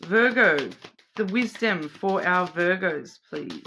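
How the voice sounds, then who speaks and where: A woman hosts a weekly oracle card reading, speaking slowly in a lowish, bright, forceful voice with a little hiss or hum in the background. She's expressive, muses aloud and repeats words as she searches for meaning, addressing the listener directly and checking in with "okay?".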